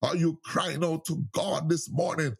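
A man's voice: fairly high pitch, steady tone, a little slow, husky. A man preaching a sermon with fervent, repetitive exhortations and frequent cries of praise.

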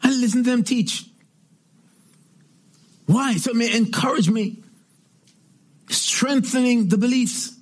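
High-voiced man preaching a fervent sermon. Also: takes it slowly, long pauses, slightly rough. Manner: emphatic preaching with repeated refrains and shouted exclamations. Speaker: pastor.

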